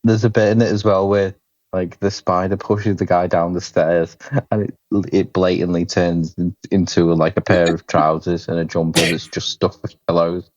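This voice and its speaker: A man co-hosting a podcast, casually retelling film scenes in a deadpan way with the odd chuckle. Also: sits low, normal speed. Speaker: podcast co-host. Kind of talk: casual chat about films. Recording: dry, slightly dull lo-fi mic.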